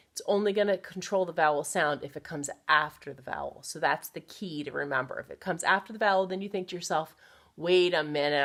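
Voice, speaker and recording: A woman's voice: on the low side, a bit bright. A woman teacher giving a recorded phonics lesson to children, patiently sounding out words and encouraging them.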